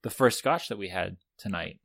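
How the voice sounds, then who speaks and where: Low-pitched guy hosting a laid-back whiskey chat, dry room, cracks jokes. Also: expressive, normal speed, gravelly, fairly bright tone, dry recording. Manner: joking, chatty, self-deprecating. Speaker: podcast host. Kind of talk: casual whiskey-tasting chat.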